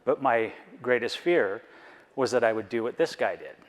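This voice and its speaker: A man's voice: medium pitch, normal speed, a little hiss or hum. Earnest man giving a reflective talk. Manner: earnest, personal, reflective, with rhetorical questions. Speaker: board member giving a conference talk.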